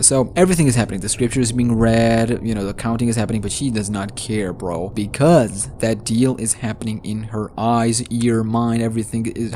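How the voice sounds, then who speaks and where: Slangy excited dude recapping a creepy book, talks to viewers, mellow warm tone. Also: male voice, medium pitch, slight background noise. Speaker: YouTuber retelling a game's book story. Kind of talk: casual story recap.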